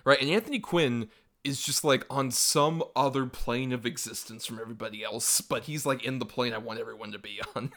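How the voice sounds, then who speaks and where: A man's voice: mid-range voice, brisk, fairly bright tone. A man co-hosting a podcast, reviewing a film in loose, rambling casual chat with a lot of laughter. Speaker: podcast co-host.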